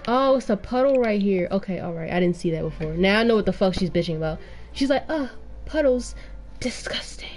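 A woman's voice: lowish voice, fast, few pauses, darkish tone, faint music behind. A young woman streaming a life-sim game, giving casual, exasperated running commentary and swearing often.

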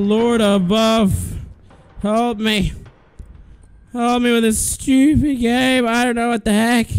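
A jittery man commentating a horror game in a high voice that leaps all over the place. He talks slowly and drawls between sudden yelps, chatting nervously to the monster and cursing under his breath. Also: smooth. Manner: talks to the game's monster, swears and mutters to himself. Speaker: let's play gamer.

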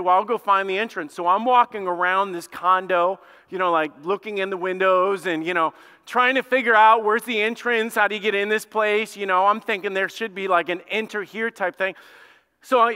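A man, a pastor, telling a lively story in a sermon and acting out both sides of it. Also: sits high, clear, resonant tone, long reverb tail. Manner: animated, acts out both sides of his own story. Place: church sanctuary.

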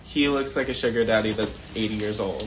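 A man's voice: fairly low pitch, a little fast, fairly bright tone. A young man joking around with friends in a casual chat. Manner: joking, giggly. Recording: distant from mic with faint noise.

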